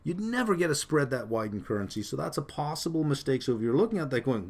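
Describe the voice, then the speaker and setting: A man's voice: medium pitch, big pitch swings, quick pace, breathy edge. A man giving a recorded finance exam-prep lecture, explaining step by step with many fillers and rhetorical questions. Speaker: finance instructor.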